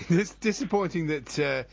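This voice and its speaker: A man's voice: a little high, a little slow, creaky, a loud crowd. A male radio co-host making dry, wry asides during an interview.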